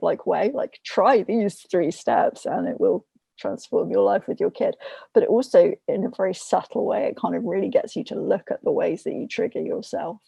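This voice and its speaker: Chatty woman with a gravelly, husky voice. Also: medium pitch, mellow, no room sound. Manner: chatty, retells stories with quoted voices; many fillers and restarts. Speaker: podcast guest, parent and trainer. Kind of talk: casual conversation.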